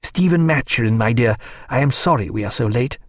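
A man voicing a warm, watchful naval surgeon and father, speaking briskly and kindly in a storybook reading. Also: mid-range voice, animated, no room sound, clean studio sound, natural voice. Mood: warm, wary.

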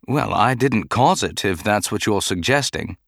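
A man reading an audiobook voices a troubled male Jedi knight who speaks in a calm, restrained and formal way. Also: lowish voice, measured pace, gravelly, dry recording, clean studio sound, heavily acted.

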